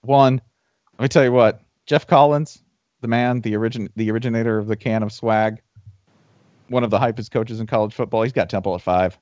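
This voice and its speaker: A man's voice: mid-range voice, fairly even intonation, brisk, a little mellow, no echo. A man co-hosting a casual sports podcast, joking and talking emphatically. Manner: jokey, emphatic. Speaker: podcast co-host. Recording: slightly dull lo-fi mic.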